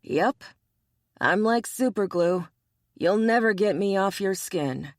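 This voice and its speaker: A woman's voice: medium pitch, expressive, slow, no room sound, clean studio sound. A woman voicing a big, persistent, playful male bear shifter in an audiobook romance, cheerful and coaxing.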